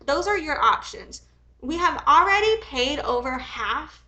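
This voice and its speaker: A woman reacts on a live stream, reading messages aloud and breaking off into heated, profane rants. Her voice sits high and bright. She rambles, restarts and fills gaps with ums. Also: measured pace, slight background noise, low-quality recording. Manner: heated and profane, swings from reading calmly to angry outbursts. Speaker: commentary streamer.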